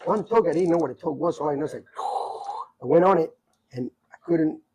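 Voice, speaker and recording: Husky older man telling stories. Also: a little high, fairly quick, poor audio. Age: 60s. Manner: rambling, animated anecdotes with many asides. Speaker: podcast guest storyteller. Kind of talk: casual storytelling.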